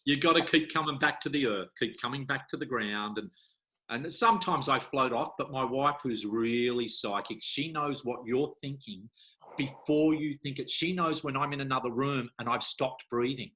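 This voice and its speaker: Middle-aged male hypnotherapist guest, bright tone, animated anecdote teller. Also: normal speed. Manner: animated storyteller, acts out voices with big pitch jumps. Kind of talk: conversational interview.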